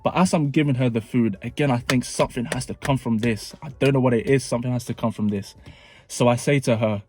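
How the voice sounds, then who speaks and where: A man's voice: medium pitch, quick pace, a little mellow, slightly rough, no echo. A man telling a storytime vlog, animatedly acting out the dialogue. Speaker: vlogger. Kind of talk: storytime narration.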